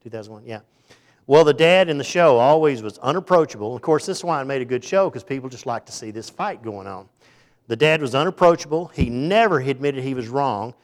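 A man's voice: mid-range voice, animated, fairly quick. A middle-aged man preaching in a loose, chatty way with a mid-range voice, drifting from story to story. He slips into the voices of the people he describes before circling back to his point. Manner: folksy, rambling, conversational; acts out the people in his stories. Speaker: speaker giving a faith talk. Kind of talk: informal sermon with storytelling.

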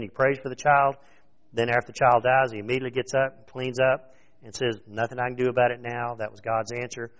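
A man preaching in a loose, conversational way, animated and prodding his listeners with questions. His voice sits in a middling range, and the recording is dull and lo-fi. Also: mid-range voice. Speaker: pastor. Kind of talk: sermon.

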